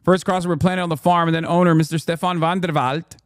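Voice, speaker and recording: Profane, fast-talking male streamer, dry close mic. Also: a little high, clean tone, dry recording. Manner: profane, animated, reading aloud from a wiki page. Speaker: streamer reacting to news clips. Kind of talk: casual live-stream commentary.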